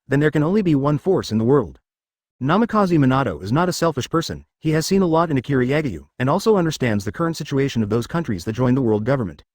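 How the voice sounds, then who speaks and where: Fast, lively male story narrator. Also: mid-range voice, no echo, studio quality.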